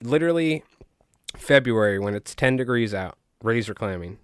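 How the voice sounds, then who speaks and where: A man's voice: fairly low pitch, moderate pace, clean tone, no echo, clean studio sound. A young man with a Long Island accent chatting casually and jokingly on a live stream while tying flies, rambling with many fillers.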